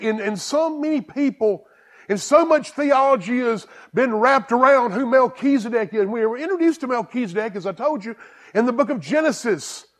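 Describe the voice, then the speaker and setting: A man preaching a sermon as pastor, excited and emphatic, repeating and restarting phrases. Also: very high-pitched.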